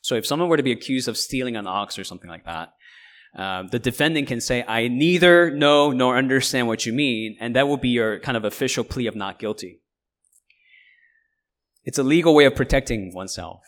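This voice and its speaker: A man's voice: mid-range voice, brisk. A man giving a verse-by-verse Bible teaching, who explains in a conversational way and often checks in with "right?". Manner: explains and paraphrases in lively asides.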